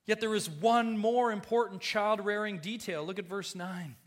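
A male pastor preaching a sermon in an emphatic way, swinging from hushed tones to loud bursts and repeating phrases for emphasis. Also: high voice, fairly even intonation, moderate pace.

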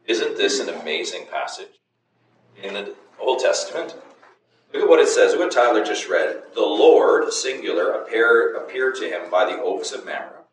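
A man leads a Bible class with emphatic, questioning delivery. He sounds distant in an echoey room, with a faint hiss behind him. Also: lowish voice. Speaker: Bible study teacher. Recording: echoey room, far from mic, faint noise.

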